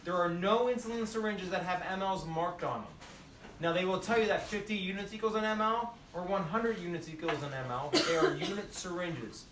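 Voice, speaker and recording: Emphatic, higher-voiced nursing instructor in an echoey classroom. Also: male voice, fairly quick, a bit bright, slight background noise. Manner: emphatic, repetitive drilling, asks the class questions. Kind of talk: classroom demonstration lecture. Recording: echoey room, mic at a distance.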